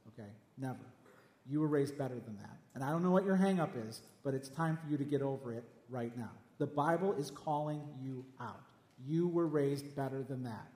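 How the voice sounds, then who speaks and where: A man's voice: on the high side, darkish tone. A man preaching a sermon as a pastor, emphatic and direct, repeating his points at his listeners. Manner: emphatic, repeats lines, speaks straight at listeners. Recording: echoey hall with long reverb.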